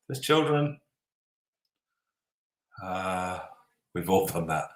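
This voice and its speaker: Slow-talking man hosting a quiz. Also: fairly low pitch, lively intonation. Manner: jokey, swears then apologises, reads answers slowly. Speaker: quiz host. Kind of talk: live online quiz hosting, casual banter. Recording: echoey room.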